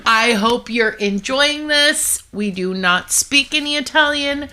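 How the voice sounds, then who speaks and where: A woman's voice: high-pitched, measured pace, pushed and bright. A woman co-hosting a podcast in casual chat, jokey and teasing, laughing often. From United States. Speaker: podcast co-host.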